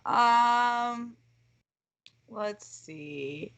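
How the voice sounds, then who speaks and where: A woman's voice: fairly high pitch, lively intonation, extremely slow, a bit bright. A woman hosting a livestream, chatting casually, encouraging donors and laughing along with her co-hosts. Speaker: show host.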